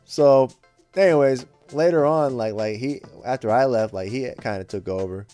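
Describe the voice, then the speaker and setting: A man's voice: medium pitch, moderate pace, mellow, soft background music. A young man casually telling a rambling retail story, slangy and full of swearing and fillers.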